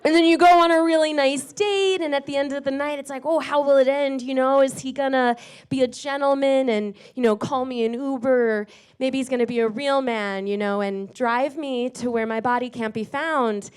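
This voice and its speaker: A woman comedian doing a stand-up set in a comedy club, delivering dark punchlines deadpan and teasing the crowd. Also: sits high, moderate pace, clear, resonant tone.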